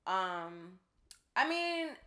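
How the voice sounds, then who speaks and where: A woman's voice: medium pitch, sing-song, very slow, sharp tone. A woman co-hosting a podcast in casual chat, frank and emphatic, laughing often. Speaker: podcast co-host.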